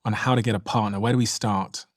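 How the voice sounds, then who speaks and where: A man's voice: lowish voice, fairly even intonation, fast talker, dry recording, studio quality. A man hosting an interview, asking curious questions and thinking aloud. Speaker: podcast host.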